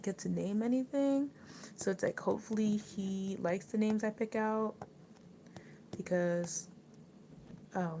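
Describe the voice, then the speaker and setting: Chatty young woman livestreaming, mellow tone. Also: mid-range voice, slight background noise, rough recording. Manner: rambling and chatty, with many likes and restarts. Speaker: livestream host. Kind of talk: casual chat reading viewer comments.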